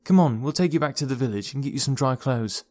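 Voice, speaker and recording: A man voicing a gentle, kind young woman in an audiobook, soft but firm. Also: medium pitch, expressive, fast, dry recording, clean studio sound, natural voice. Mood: reassuring. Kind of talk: audiobook character voice.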